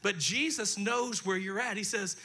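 A high, sharp-toned man's voice at moderate speed belongs to a pastor preaching in a church sanctuary. He talks straight to the congregation in a homey, conversational style, and his throat is dry.

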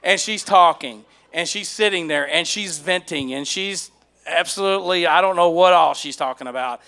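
A man's voice: sits high, normal speed, sharp tone. A middle-aged male pastor sharing the sermon, folksy and teasing, poking fun at himself. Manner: folksy, teasing, self-deprecating. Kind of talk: joking sermon asides.

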